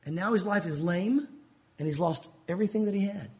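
A man with a high voice preaches a sermon. He talks in a relaxed, conversational way, with frequent asides to the listeners and the odd chuckle. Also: a little fast. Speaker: pastor.

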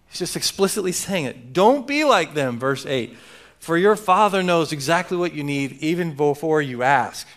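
Emphatic joking male pastor, slightly high voice. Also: animated, moderate pace, a bit bright. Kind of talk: sermon.

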